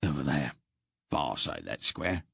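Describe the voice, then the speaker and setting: A man voicing a gruff male guardian speaking in a hoarse hush. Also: deep voice, lively intonation, a little slow, no room sound, clean studio sound, heavily acted. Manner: hushed and hoarse.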